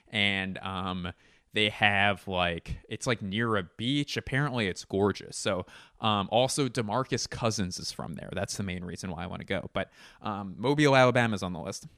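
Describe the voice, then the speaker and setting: Low-voiced guy rambling and cussing thru a funny story, clean dry sound. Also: moderate pace, a bit bright, dry recording. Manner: rambling, profane, jokey asides. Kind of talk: casual comedic monologue.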